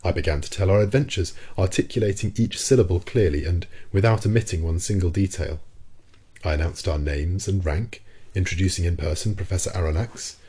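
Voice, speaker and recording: Male narrator, low pitch, mellow dark tone, steady measured reading, audiobook. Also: breathy edge. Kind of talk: scripted narration of a classic novel.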